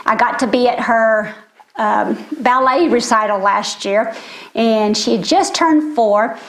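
A woman's voice: a little high, slow pace. Earnest older woman preaching a sermon. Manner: earnest, storytelling. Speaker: speaker.

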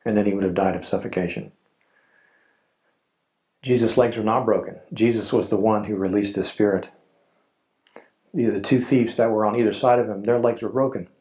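A man preaching a sermon in a slow, solemn way, with dramatic pauses. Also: on the low side, steady tone, a little mellow. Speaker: pastor.

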